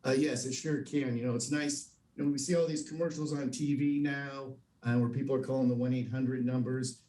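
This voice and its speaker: A man's voice: mid-range voice, steady tone, brisk, dark tone, roomy sound, distant mic. A man being interviewed as an expert guest on a morning TV show, speaking in a friendly, earnest way with fillers.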